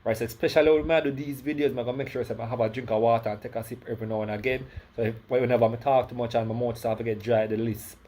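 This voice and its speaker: A Jamaican vlogger with a slight lisp tells a personal story in a casual video, his mellow, medium-pitched voice staying level and quick with hardly any pauses. He rambles, corrects himself, and keeps tagging on "right?"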